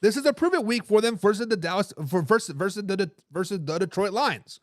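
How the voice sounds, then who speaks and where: A man's voice: high voice, fairly quick, no room sound, clean studio sound. A man hosting a live sports talk stream, arguing his picks with lots of energy and reading out viewer comments. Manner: animated, hype phrases, frequent restarts. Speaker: sports talk show host.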